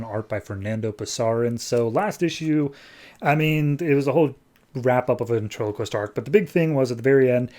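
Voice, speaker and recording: A man hosting a comics podcast, giving a relaxed, offhand review with fillers as he talks. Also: medium pitch. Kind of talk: casual review chat.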